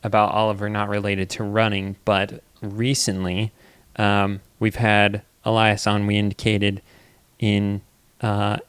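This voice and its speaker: Animated young man telling stories. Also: fairly low pitch, measured pace, clear, resonant tone, no room sound. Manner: animated storytelling with big quoted voices. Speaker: podcast co-host. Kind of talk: casual chat.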